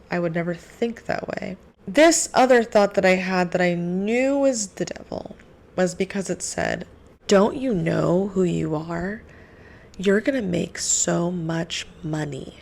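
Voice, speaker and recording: Young woman with a low, gravelly voice for an earnest, casual faith vlog. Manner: earnest, animated, lots of "like". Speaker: faith vlogger. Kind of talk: casual faith talk to camera.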